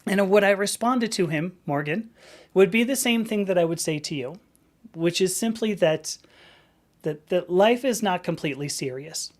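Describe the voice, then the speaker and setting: A woman's voice: lowish voice, animated, normal speed, a little mellow. A woman in her fifties hosting a casual live stream. She rambles as she reads the chat, restarts her sentences often and laughs easily. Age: 50s. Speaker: livestream host.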